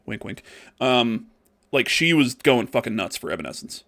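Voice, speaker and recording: A man's voice: mid-range voice, sing-song, moderate pace, creaky, fairly bright tone. A man co-hosting a podcast in casual chat, rambling and swearing freely with lots of fillers. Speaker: podcast co-host.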